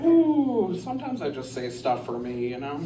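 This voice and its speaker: A woman's voice: deep voice, huge pitch swings, moderate pace. Rambling crude woman doing stand-up. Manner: rambling, crude, self-mocking. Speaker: stand-up comedian. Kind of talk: stand-up set. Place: bar with a live audience. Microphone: handheld stage mic. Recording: roomy bar, distant mic, crowd laughter.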